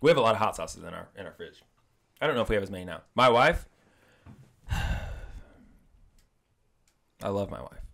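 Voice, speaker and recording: Casting: male podcast co-host, slightly low voice, animated and joking, casual banter. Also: moderate pace, gravelly, pauses often. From Mexican family. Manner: animated, joking, talks with mouth full. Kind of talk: casual chat.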